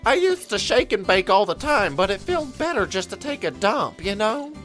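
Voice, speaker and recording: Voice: medium pitch, big pitch swings, moderate pace, a bit bright, soft background music. A performer voicing a customer giving a crude testimonial in a comedic infomercial parody dub, matter-of-fact. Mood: deadpan.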